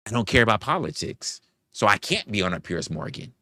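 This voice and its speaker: A man hosting a live-stream commentary, profane and argumentative, hammering his chat with rhetorical questions and calling out donations. His voice is bright and sharp-edged, with pitch that leaps around as he gets worked up. The sound is close and dry, with no room echo. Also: big pitch swings, brisk. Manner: reads out and thanks viewer donations. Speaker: livestream host.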